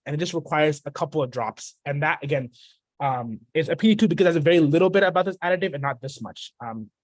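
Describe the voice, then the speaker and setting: A young man giving an informal talk on drawing blood, halting often with fillers and restarts. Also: a little high, dry recording. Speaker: phlebotomist presenter.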